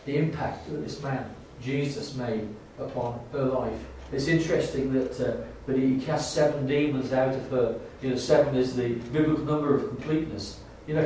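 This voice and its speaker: A man preaching a sermon in a church, halting with many restarts and rising to fervent emphasis. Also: medium pitch, dark tone, a little hiss or hum. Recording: echoey church hall, distant mic.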